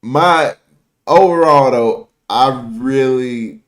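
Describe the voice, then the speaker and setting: A man's voice: mid-range voice, very slow. A man hosting a reaction video, recapping an episode in casual, profane slang and acting out the characters' lines.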